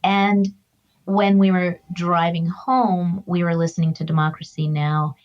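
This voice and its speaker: A middle-aged woman speaks earnestly in a fairly low voice. She shares her feelings openly and reflectively. The recording is somewhat dull and lo-fi. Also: level tone, unhurried. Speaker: guest, author and grief counselor. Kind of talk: heartfelt conversational storytelling.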